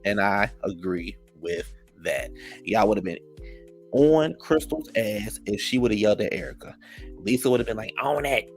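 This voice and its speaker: A man's voice: on the low side, moderate pace, faint music behind. A man recapping a reality TV episode in casual, sassy and profane gossip, full of fillers. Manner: animated, with many fillers.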